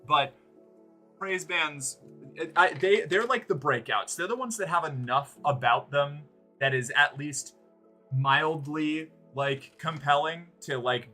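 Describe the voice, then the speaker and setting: A man's voice: mid-range voice, pushed and bright. A man streaming live, rambling sarcastically and swearing freely while chatting with his viewers. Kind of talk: casual livestream chat.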